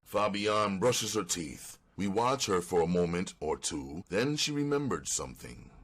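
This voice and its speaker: A man narrating a screenplay's stage directions with an extremely deep, husky voice. He reads slowly and evenly, without flourish. The delivery stays measured throughout. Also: animated.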